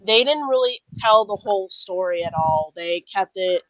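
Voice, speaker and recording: A woman's voice: mid-range voice, lively intonation, moderate pace, a bit bright, dry recording, rough recording. A woman talking in a casual voice chat, hesitant and searching for words, indignant and swearing now and then.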